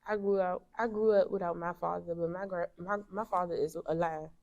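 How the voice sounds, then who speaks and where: A young woman speaking as an interview guest, halting and emotional as she talks about a painful loss. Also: on the low side, steady tone, dull audio. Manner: soft-spoken, halting, grieving. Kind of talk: emotional personal conversation.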